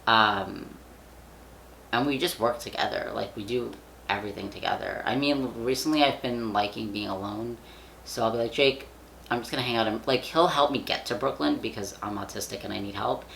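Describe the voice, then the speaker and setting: A man's voice: fairly low pitch, moderate pace, vocal fry, a bit bright, slight background noise. A young man vlogging in casual chat, rambling with lots of fillers and casual swearing. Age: young adult.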